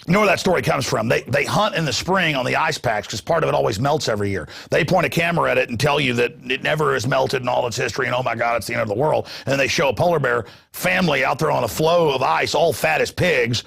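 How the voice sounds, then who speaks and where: Gravelly man ranting as show host. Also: medium pitch, quick pace, few pauses, fairly bright tone. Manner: heated, sarcastic, rambling. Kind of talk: ranting political commentary.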